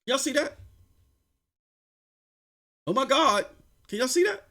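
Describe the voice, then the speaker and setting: Male livestream host, animated and loud, high sharp voice. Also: slow pace. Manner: excitable, shouting bursts, mocking impressions. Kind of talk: animated live-stream gaming talk.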